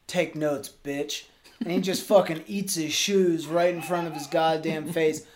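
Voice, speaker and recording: A man's voice: a little high, a little mellow. Man rambling a profane absurd tale. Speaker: podcast co-host. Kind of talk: improvised comedic storytelling.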